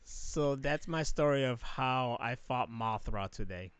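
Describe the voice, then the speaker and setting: A man co-hosting a casual chat, telling a story in an animated, profane way with lots of laughter. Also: medium pitch, measured pace, smooth, no room sound.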